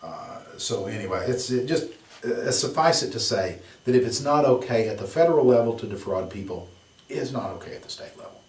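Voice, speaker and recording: A man's voice: mid-range voice, animated, a little fast, a little mellow. Male instructor, loose conversational classroom delivery full of asides, recorded from a distance with room echo. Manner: conversational, rambling, with many fillers and rhetorical questions. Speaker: exam prep instructor. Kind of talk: classroom lecture.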